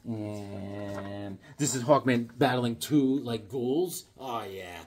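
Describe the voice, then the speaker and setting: A comics collector talks casually to the camera while showing off his comics and sketches, rambling in an easygoing way with chuckling asides. His voice is medium in pitch, unhurried and a little mellow, with a slight hiss or hum in the background.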